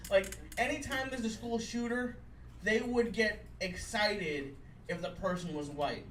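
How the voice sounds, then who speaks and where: Here the comedian's voice is high, fairly bright and animated, moving at a moderate clip as the young man rambles through a self-deprecating routine full of fillers. The sound is distant, roomy and noisy, recorded live in a comedy club with the audience laughing in the background.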